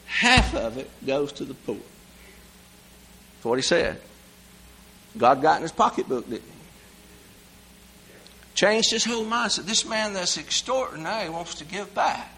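A man preaching a sermon in a folksy, animated way, swinging from loud exclamations to hushed asides. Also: high voice, unhurried, pauses often, slightly rough, poor audio.

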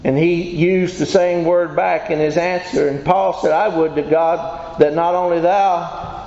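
A man preaches to a congregation in a church hall in a folksy, emphatic call-and-response sermon full of questions for his listeners. His voice is fairly high and slightly mellow, with a steady tone and a measured pace. The recording is lo-fi and dull, and the hall echoes.

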